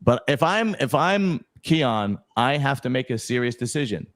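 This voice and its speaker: A man co-hosting a casual podcast chat, talking in a relaxed way, repeating points as he thinks aloud. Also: mid-range voice, normal speed. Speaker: co-host.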